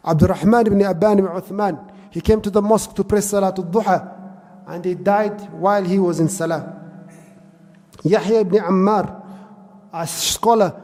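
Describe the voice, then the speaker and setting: A man's voice: high-pitched, dark tone, in a large hall. A man preaching a sermon, telling stories earnestly and mixing in Arabic phrases. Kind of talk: sermon storytelling.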